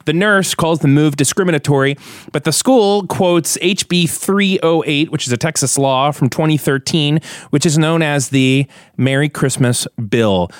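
A man's voice: a little high, dry recording. Joking male podcast co-host, dry studio sound. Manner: jokey, reads quotes aloud. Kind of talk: casual chat, reading news items.

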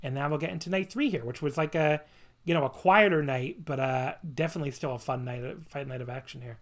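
A man's voice: a little high, fast, fairly bright tone. A man hosting a podcast in casual chat, rambling and enthusiastic, laughing and swearing as he talks. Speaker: podcast host.

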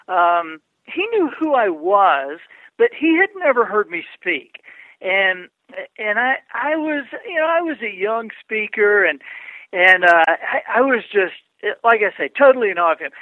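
A man's voice: sits high, pushed and bright, no echo. A man guest on an interview, telling anecdotes animatedly with frequent stammering restarts. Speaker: guest, public speaker. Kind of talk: storytelling interview. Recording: tinny phone-like line.

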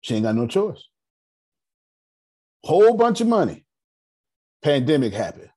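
Husky, lively man telling a story. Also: on the high side, a little slow. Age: 30s. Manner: emphatic, repeats key phrases, blunt and joking. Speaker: meeting leader teaching personal finance. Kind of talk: animated storytelling talk to a group.

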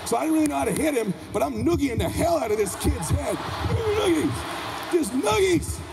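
Male motivational speaker, lively storyteller, high and gravelly, in a reverberant convention hall. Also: fast, a crowd in the background. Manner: animated, emphatic, acts out characters. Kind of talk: animated onstage storytelling. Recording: hall reverb with faint ambience.

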